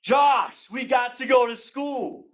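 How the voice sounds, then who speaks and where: A man voicing an exasperated mother who yells to hurry her son along. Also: sits high, muffled recording, voice pushed up. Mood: impatient. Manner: yelling, hurried.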